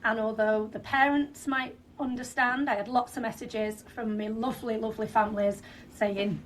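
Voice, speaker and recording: A woman's voice: a little high, fairly even intonation, normal speed, recorded from a distance, a little hiss or hum. Chatty Northern English woman guest. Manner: chatty, many fillers and restarts. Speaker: franchisee guest. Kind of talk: podcast interview.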